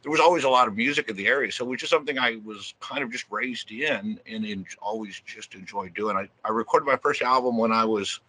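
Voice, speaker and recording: A man in his fifties from Missouri, telling stories as an interview guest in a rambling way, with many restarts and drawn-out fillers. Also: fairly low pitch, pushed and bright, low-quality recording. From Missouri, USA. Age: 50s. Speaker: record label guest. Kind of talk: casual interview storytelling.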